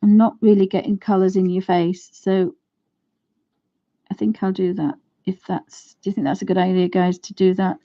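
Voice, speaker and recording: A woman with a mid-range voice teaches watercolour on a casual live stream, chatting and thinking aloud to viewers while she paints. Her delivery is flat and at normal speed, and the audio sounds dull.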